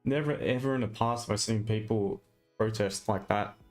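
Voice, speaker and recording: A man's voice: on the low side, normal speed, soft background music. A man with an Australian accent, chatting casually and bluntly on a live trading stream, ranting with mild swearing.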